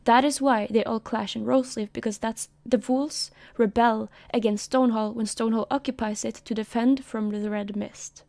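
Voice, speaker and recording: A woman streamer talking in a soft, rambling way, breaking into giggly asides while she explains a story to her chat. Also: on the high side, steady tone, moderate pace, vocal fry, hardly any pauses. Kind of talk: casual live-stream commentary. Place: own room.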